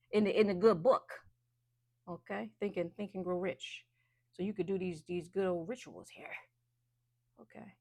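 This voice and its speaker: Woman reading cards for viewers, rambly and chatty, a bit of vocal fry. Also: medium pitch, dry recording, clean studio sound. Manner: chatty, loose, many fillers and restarts, laughs often. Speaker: intuitive card reader. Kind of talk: casual spoken card reading.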